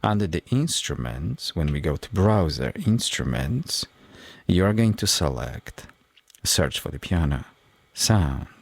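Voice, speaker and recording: A man hosting a music production tutorial, explaining each step in a measured, methodical way. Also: rumbling low, sing-song, vocal fry, dry recording. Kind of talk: tutorial walkthrough.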